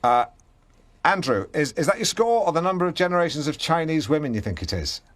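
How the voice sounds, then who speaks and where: In a studio, a man hosts a comedy radio show with a slightly high, very animated voice at a fairly quick pace. He sounds pompous, fumbling and stammering, often tripping over his words.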